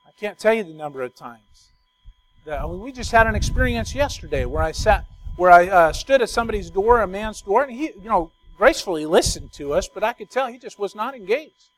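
A man preaching a sermon, explaining a verse and stressing key words slowly and emphatically. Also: high voice, animated, poor audio. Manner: builds from quiet storytelling to loud emphatic preaching.

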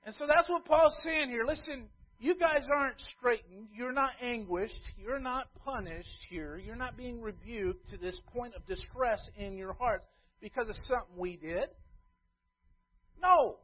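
A man preaching a sermon as a pastor, emphatic, swinging between loud stress and quiet asides. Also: very high voice, unhurried. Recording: tinny phone-like sound.

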